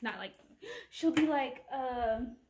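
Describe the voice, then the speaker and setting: A woman's voice: high-pitched, slow pace, darkish tone. A woman vlogger telling a rambling, casual storytime rant, full of "like" and "you know". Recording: echoey room, from a distance, faint noise.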